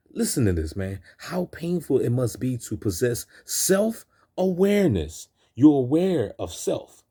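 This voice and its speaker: A man's voice: mid-range voice, dark tone, breathy edge. A man hosting a video who rants in preachy street slang over film clips, repeating himself and keeping up a string of restarts. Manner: repetitive, stumbling restarts. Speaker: video host.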